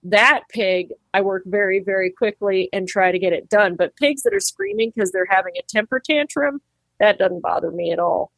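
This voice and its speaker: A woman's voice: mid-range voice, normal speed, creaky, no echo. Woman farrier chatting away about her work, acts out voices, dry room sound. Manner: animated, acts out quoted voices, laughs easily. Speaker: farrier and pig trimmer. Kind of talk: casual interview talk.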